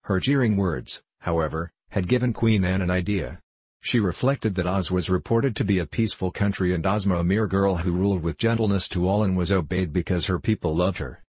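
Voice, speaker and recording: A man reads a children's fantasy book aloud, keeping an even, steady storytelling pace. His voice is very low and husky. The recording is dry and close, with no room sound. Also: brisk, no echo. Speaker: narrator. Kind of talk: audiobook narration.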